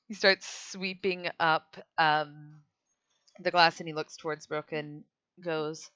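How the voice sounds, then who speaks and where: A woman with a low, smooth voice runs a tabletop game, narrating scenes and slipping into character. Her sound is dry and close, slightly dull and lo-fi. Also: steady tone, slow, bright, forceful tone, no room sound. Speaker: game master.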